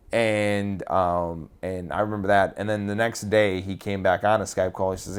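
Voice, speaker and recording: Man, podcast co-host, lowish voice, rambling, lots of fillers, swears casually. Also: little pitch movement, normal speed, hardly any pauses, smooth. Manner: rambling, with frequent fillers and restarts.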